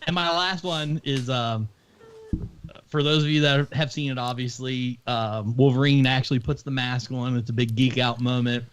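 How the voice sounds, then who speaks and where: A man's voice: medium pitch, fairly even intonation, moderate pace, a little hiss or hum. A man co-hosting a podcast, chatting casually about a movie with easy chuckles. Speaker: podcast co-host.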